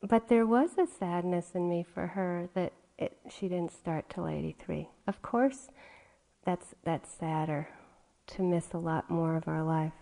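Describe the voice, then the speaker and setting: A middle-aged woman gives a dharma talk at a meditation retreat. Her voice is mellow and warm. She speaks gently and conversationally and often says "you know". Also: lowish voice, fairly even intonation, a little slow, creaky. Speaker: meditation teacher.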